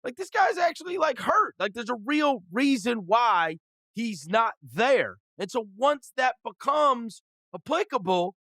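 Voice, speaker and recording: A man with a high-pitched voice co-hosts a sports podcast, speaking in a casual, emphatic way. He leans on slang and keeps circling back to his point. The sound is close and dead, with no room around it. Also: big pitch swings, unhurried, fairly bright tone, no room sound. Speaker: podcast co-host.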